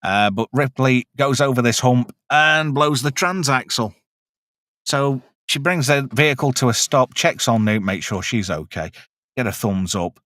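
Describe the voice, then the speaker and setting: A man's voice: medium pitch, measured pace, fairly bright tone, no echo, clean studio sound. A man hosting a casual film review, recapping scenes in a chatty, joking way.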